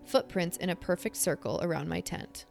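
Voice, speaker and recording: A young adult woman co-hosting a podcast, reading a scary story and then chatting, with animated, halting storytelling full of fillers. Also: on the low side, gravelly, soft background music. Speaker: podcast co-host. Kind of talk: casual chat and story reading.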